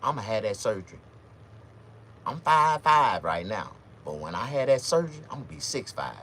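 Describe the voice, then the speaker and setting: A man doing a stand-up comedy monologue, jumping his voice high when quoting women. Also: normal speed, a little hiss or hum. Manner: animated, swings pitch high for quoted women.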